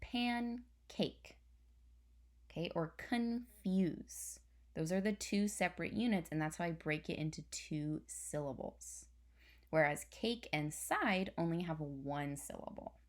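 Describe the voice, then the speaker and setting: A young woman teacher, speaking low and unhurried, patiently walks her class through a spelling lesson step by step in a recorded online lesson.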